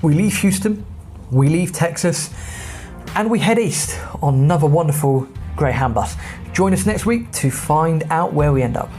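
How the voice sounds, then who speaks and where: A man's voice: fairly high pitch, lively intonation, normal speed, darkish tone, faint music behind. An English man with an English accent, telling a travel story in a chatty, rambling way as a podcast host. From England. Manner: chatty, rambling, with many fillers.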